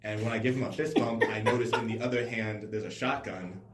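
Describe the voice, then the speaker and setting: Fast-talking young man host, echoey room. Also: fairly low pitch, fairly even intonation, slight background noise. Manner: quick, loose, filler-heavy storytelling. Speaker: podcast host. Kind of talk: casual podcast chat. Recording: roomy echo.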